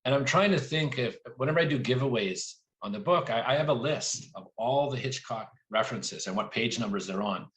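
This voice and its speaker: A man in the middle register, an author guest at a live library event. He tells stories in a lively way and drops quoted asides into them. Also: mid-range voice, a little fast, hardly any pauses.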